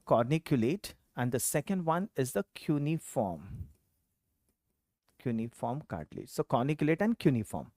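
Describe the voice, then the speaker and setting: Lecturer drilling exam facts: animated intonation, quizzes then answers, dry recording. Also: medium pitch, normal speed, no room sound. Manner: quizzes students with questions and answers them himself; repeats key terms for emphasis. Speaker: teacher. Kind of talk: exam-prep anatomy lecture.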